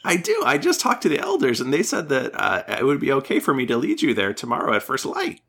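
A woman voicing a small eager nine-year-old boy in a high childish voice. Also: wildly swooping pitch, fairly quick, a bit bright, husky, exaggerated voice.

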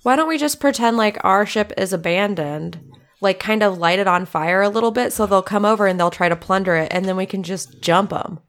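A woman playing a tabletop game, giggling and pitching quick ideas. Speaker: player. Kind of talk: casual tabletop play.

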